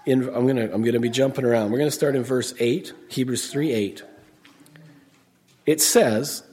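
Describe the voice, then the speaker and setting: A man's voice: mid-range voice, normal speed, a little mellow. A middle-aged man preaching a sermon, emphatic, often asking the congregation questions and answering them. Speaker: pastor.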